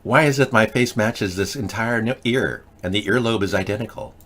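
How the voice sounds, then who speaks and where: Male live-chat host; low, forceful voice; talks down to the audience and argues with them. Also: normal speed. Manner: blunt, lecturing, argumentative. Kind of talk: live video chat commentary, answering viewer comments.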